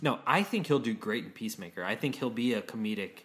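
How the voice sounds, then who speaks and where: A man's voice: lowish voice, expressive, fairly bright tone. Chatty male podcast co-host. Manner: chatty, opinionated, quick to laugh. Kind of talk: casual chat.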